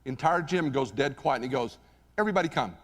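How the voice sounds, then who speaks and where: A man giving a live motivational speech on stage, telling a story in an animated, conversational way and asking the audience questions. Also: medium pitch, a little fast, slight background noise. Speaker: motivational keynote speaker. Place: stage in a large hall. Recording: reverberant hall recording.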